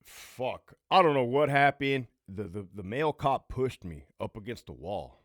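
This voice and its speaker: A man's voice: mid-range voice, animated, a little slow, no room sound, studio quality. A man in his late thirties from Southern California, telling rambling, profane stories from his own life in a casual way. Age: late 30s. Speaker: channel host and ex-prison guard.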